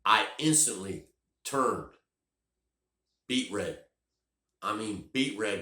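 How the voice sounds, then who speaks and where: A middle-aged man with a drawl spins a comic story, restarting sentences and tossing in "you know" and cusses. His voice is low-pitched but bright and forward, bouncing around an echoey room. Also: moderate pace, long pauses. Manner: rambling and profane, lots of restarts and "you know". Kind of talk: comedic personal storytelling.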